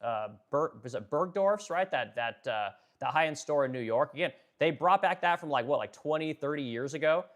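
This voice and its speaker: A man's voice: on the high side, animated, fairly bright tone. A man hosting a political livestream, ranting, swearing freely, using many fillers, and stopping to read and answer viewer chat. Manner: fast-talking, ranting, profane, filler-heavy. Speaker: livestream host.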